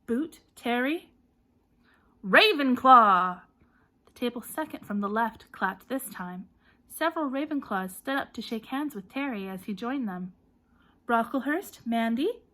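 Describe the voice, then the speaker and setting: A woman narrating a storybook audiobook, reading in a lively way and putting energy into names and shouts. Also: a little high, normal speed.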